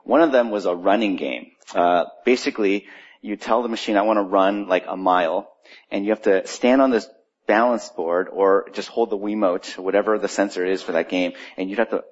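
A middle-aged man preaching in church, opening with a quiet prayer, then telling a story in a conversational, animated way. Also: on the low side, normal speed, husky. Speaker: pastor. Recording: dull lo-fi church recording.

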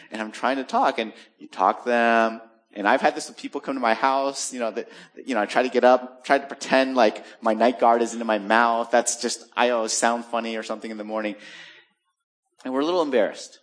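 A man in the middle of his speaking range preaches a sermon like a friendly talk, telling stories and joking with his listeners. On the weightier points he sinks into a quiet, low voice. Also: steady tone, brisk. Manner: conversational storytelling with jokes and acted asides; drops to a soft low voice for serious points. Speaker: pastor.

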